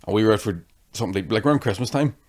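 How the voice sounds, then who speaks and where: A man's voice: on the low side, racing. A young man chatting on a podcast, swearing freely and acting out people in his stories. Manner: swears constantly, acts out hecklers in animated storytelling. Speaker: comedian guest. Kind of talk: casual podcast chat.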